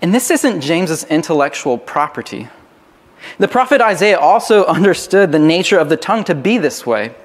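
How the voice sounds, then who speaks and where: A man's voice: on the high side, sing-song, moderate pace, in a large hall. A man preaching a sermon as pastor, earnest and often repeating words as he starts a phrase.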